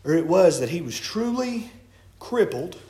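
A man's voice: high-pitched, big pitch swings, measured pace, mellow. A man preaching a sermon, folksy and storytelling with colloquial grammar, in a church sanctuary. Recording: echoey church room.

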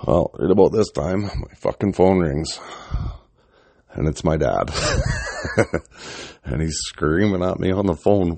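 Very deep gravelly man telling stories. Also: a little slow, pauses often, dark tone, no echo. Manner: profane, rambling, chuckling. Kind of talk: casual storytelling.

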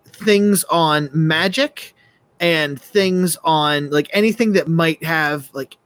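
A man with a somewhat high voice plays in a casual tabletop game, rambling through his plans. He hesitates and restarts often as he thinks aloud. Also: slow, a bit bright, dry recording. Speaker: player.

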